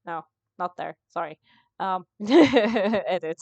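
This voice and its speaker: A woman's voice: mid-range voice, animated, very slow, a little mellow, no echo. A young woman streaming a game, talking casually to her viewers in a chatty, giggly way. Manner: chatty, giggly, self-mocking. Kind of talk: casual gameplay commentary.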